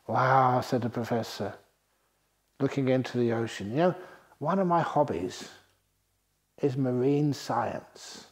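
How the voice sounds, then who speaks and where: A man's voice: medium pitch, a little slow, long pauses. A man who is a Buddhist monk, telling stories in a dharma talk at a retreat centre, laughing often between lines. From England. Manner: laughing often, lively storytelling with voiced quotes.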